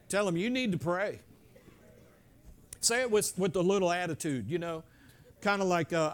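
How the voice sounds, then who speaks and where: High-voiced folksy preacher man. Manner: conversational, folksy, with frequent restarts and jokes to the congregation. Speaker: pastor. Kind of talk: sermon.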